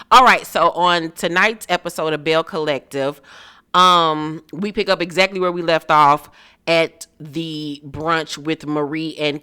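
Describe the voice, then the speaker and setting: A woman's voice: sits low, sharp tone, smooth. A woman hosting a casual recap of a reality show, chatty, sassy and blunt.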